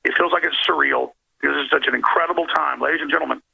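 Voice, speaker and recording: Radio founder calling in: very gravelly, rambling and emphatic, over a lo-fi phone line. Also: male voice, a little high, very fast, pushed and bright. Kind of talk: talk radio call-in.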